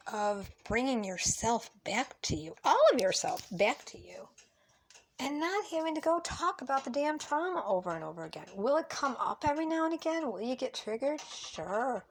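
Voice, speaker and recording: A woman's voice: on the high side, very animated, moderate pace, a little hiss or hum. Blunt, emphatic woman vlogging in her kitchen. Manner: blunt, emphatic, swears freely. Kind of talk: casual cooking vlog with opinionated talk. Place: home kitchen.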